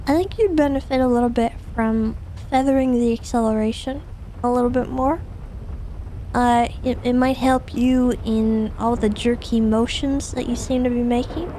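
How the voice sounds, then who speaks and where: A woman in her twenties from Washington state, playing a driving school instructor in a role-play game, friendly and gentle with many hesitant fillers. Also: a little high, a little hiss or hum. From Washington state, USA. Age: 20s. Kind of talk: in-character role-play chat.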